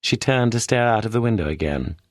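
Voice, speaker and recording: A man with a British accent reading a detective story as an audiobook narrator in a steady storytelling manner. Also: fairly low pitch, fairly quick, no echo, studio quality. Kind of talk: scripted narration.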